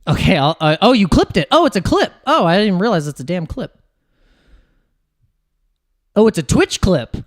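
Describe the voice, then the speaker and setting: An American man rambling through casual livestream chat as a crypto streamer, with lots of restarts and quick jumps in pitch. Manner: rambling, restarts, laughs, animated swings in pitch.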